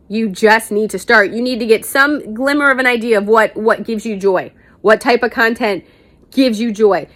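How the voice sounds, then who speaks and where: A woman's voice: fairly high pitch, fairly bright tone. A young woman vlogger answering viewer questions in a candid, chatty, self-mocking way, swearing casually now and then. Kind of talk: casual Q&A chat to camera.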